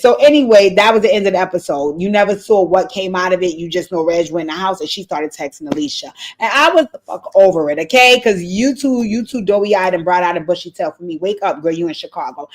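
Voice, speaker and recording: A woman giving a casual, animated recap of a TV episode, with blunt, profane commentary and asides straight to her viewers. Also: medium pitch, fairly quick. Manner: chatty, talks straight to viewers. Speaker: TV recap host.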